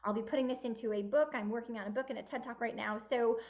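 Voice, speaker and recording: A woman's voice: fairly high pitch, fairly even intonation, very fast, highs cut off. A woman around sixty, a podcast guest speaking emphatically and upbeat in a motivational tone. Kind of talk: casual interview chat.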